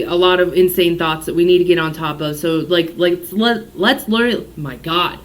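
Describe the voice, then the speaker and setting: Rambling, foul-mouthed woman tarot reader. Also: on the low side. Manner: rambling, swears freely, tangential. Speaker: psychic tarot and astrology reader. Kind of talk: casual livestream reading.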